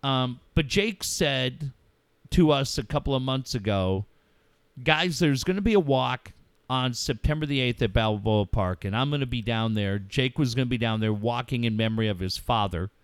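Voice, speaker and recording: Middle-aged guy radio host, emotional and sweary, smooth voice, dry studio sound. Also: medium pitch, lively intonation, dry recording. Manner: heartfelt, swears freely, halting pauses. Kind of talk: emotional casual talk.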